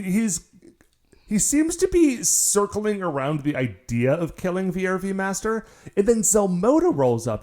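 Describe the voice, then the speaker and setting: Wry, lively man on a podcast. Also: on the high side. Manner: wry, sarcastic commentary. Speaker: podcast co-host. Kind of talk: casual episode recap chat.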